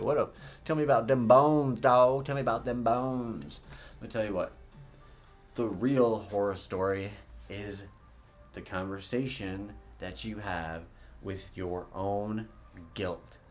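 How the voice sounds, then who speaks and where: A man with a fairly low voice talks through a loose solo monologue. His delivery is conversational and salty, with jokes dropped in along the way. Soft music plays faintly behind him. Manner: conversational, profane, jokey asides. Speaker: podcast host. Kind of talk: casual spoken monologue.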